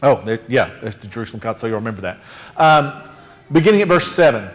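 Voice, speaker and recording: A man's voice: medium pitch, sing-song, fast talker. A male pastor preaching a sermon in a conversational, emphatic way, with casual asides. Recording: long hall reverb.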